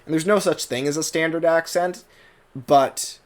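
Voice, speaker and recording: A man's voice: fairly high pitch, moderate pace. A man with a General American accent, giving a rambling casual commentary as a YouTube reviewer, full of fillers and restarts. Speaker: YouTuber reviewing a cartoon dub.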